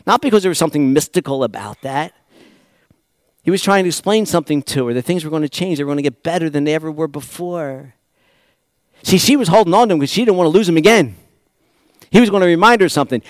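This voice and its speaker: A man preaching a sermon dramatically, swinging from loud exclamations to hushed, reflective passages. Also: fairly high pitch, fast talker, no echo, studio quality.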